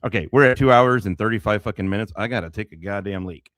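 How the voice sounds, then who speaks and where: A man's voice: lowish voice, fast, fairly bright tone. A man hosting a casual livestream, talking in a rambling, profane way with many restarts. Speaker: livestream host.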